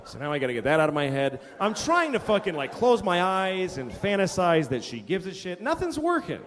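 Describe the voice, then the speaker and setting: Animated middle-aged male comedian ranting. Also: sits high, fairly quick. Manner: profane, exasperated storytelling with sudden rants. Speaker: stand-up comedian. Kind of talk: stand-up routine. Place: live comedy venue with audience. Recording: live stage recording in a big hall with crowd and noise. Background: audience laughter.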